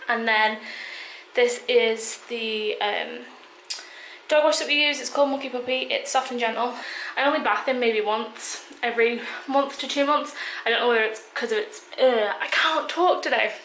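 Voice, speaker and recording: A woman's voice: on the high side, moderate pace, fairly bright tone, slight background noise, poor audio. A young woman vlogging casually at home, chatty and a little anxious, talking straight to her handheld camera. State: out of breath. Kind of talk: casual day-in-the-life vlog. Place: at home, indoors.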